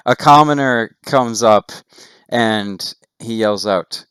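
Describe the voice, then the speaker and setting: A man narrating a tabletop game as game master, with steady descriptive narration and casual asides. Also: lowish voice, slow pace, clear, resonant tone, no echo, studio quality.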